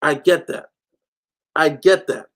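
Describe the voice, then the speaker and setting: A man's voice: a little high, slow pace, a bit bright. A man from the United States ranting animatedly as a football fan panelist. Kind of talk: casual fan chat.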